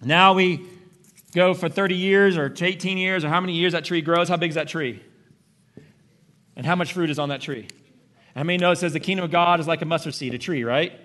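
A young man preaching a sermon as a pastor, animated and jokey, often asking the congregation questions. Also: fairly high pitch.

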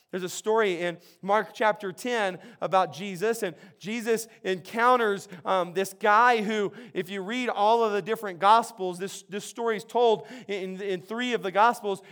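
A man preaching a sermon, animated and conversational, with frequent restarts and acted-out quotes. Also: high voice. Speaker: pastor.

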